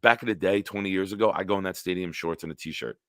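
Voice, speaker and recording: A man's voice: low voice, fast talker, a bit bright, no room sound, studio quality. A man hosting a casual live-stream sports talk show, ranting with lots of profanity and answering chat comments.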